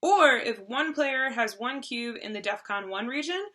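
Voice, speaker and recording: A woman's voice: fairly high pitch, expressive, normal speed, bright, forceful tone. A woman co-hosting a board game video, casually explaining the rules with lots of fillers and restarts. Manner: chatty, loose with fillers and restarts.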